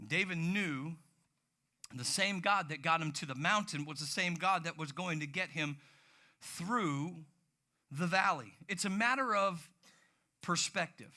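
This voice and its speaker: Bright, animated male preacher. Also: on the high side, a little slow. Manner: animated, storytelling with sudden outbursts. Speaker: pastor. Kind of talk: sermon.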